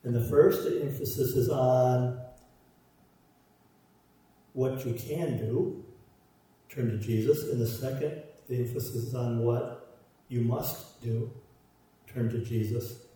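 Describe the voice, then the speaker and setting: A man's voice: mid-range voice, slow, long pauses, warm tone. A man preaching a sermon, stressing his points through repeated parallel phrases. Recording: roomy echo, voice from far off.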